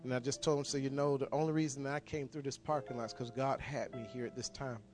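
A man, a pastor praying and then telling a story to his congregation, earnest and repetitive, often halting and restarting his sentences. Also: medium pitch, fairly even intonation, music in the background. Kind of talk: prayer and sermon storytelling.

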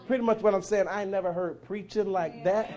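A man preaching a sermon, telling a story with fervor and swelling to shouts. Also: high-pitched, fairly quick, highs cut off, crowd noise.

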